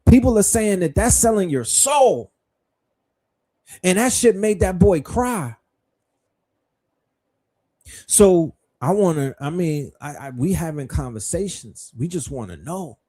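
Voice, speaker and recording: Mellow-voiced man hosting a livestream. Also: sits high, animated, unhurried, slightly rough. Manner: rhetorical, questioning, profane. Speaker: livestream host. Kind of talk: livestream commentary.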